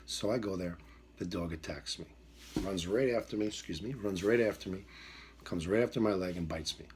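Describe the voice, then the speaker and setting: A man's voice: low-pitched, a little fast, darkish tone, a little hiss or hum. A middle-aged man, a dog trainer, telling a story in an emphatic, repetitive way and acting out the voices in it. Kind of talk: storytelling monologue.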